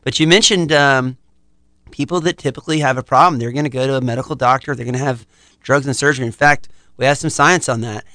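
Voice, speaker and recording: Bright-voiced confident male chiropractor. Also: medium pitch, fairly even intonation, quick pace, no room sound, clean studio sound. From United States. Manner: confident, explanatory, promotional. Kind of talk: podcast interview answers.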